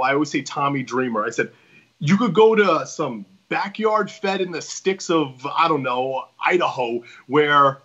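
Husky guy rambling on a podcast, lots of restarts, dull lo-fi audio. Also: a little high, bright, forceful tone. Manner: rambling, emphatic, with many restarts. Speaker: wrestling promoter guest. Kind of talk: casual podcast chat.

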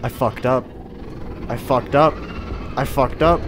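Jumpy high-voiced young man gaming. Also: measured pace, pauses often, background noise. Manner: jumpy, loud swearing, yelps and nervous laughter. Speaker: gamer. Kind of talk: horror game commentary.

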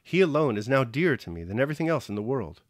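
A man's voice: mid-range voice, sing-song, racing, no echo, studio quality, lightly acted. A man voicing an eager, emotional young noblewoman in an audiobook reading, with breathless, pleading questions.

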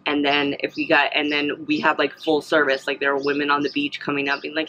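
Bright-voiced young woman chatting casually. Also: low-pitched, flat delivery, a little fast, hardly any pauses, muffled recording, a little hiss or hum. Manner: rambling, many fillers and restarts. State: has the hiccups. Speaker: vlogger. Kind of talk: casual chatty travel recap.

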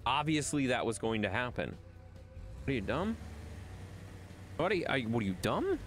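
A man's voice: mid-range voice, sing-song, moderate pace, faint music behind. A man chatting casually on his live stream, talking to viewers in a teasing, rambling way. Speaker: livestreamer.

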